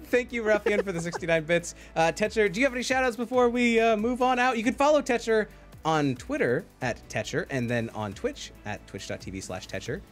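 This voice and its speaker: A man's voice: sits high, animated, fairly quick, soft background music. A man casting an esports match live, chatty, laughing often and thanking his chat. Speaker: esports caster. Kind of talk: casual live stream commentary.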